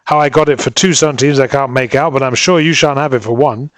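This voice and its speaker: A man's voice: medium pitch, fairly even intonation, a little fast, dry recording, lightly acted. A man voicing a blustering drunken sailor. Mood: drunk defiant. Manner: blustering, threatening.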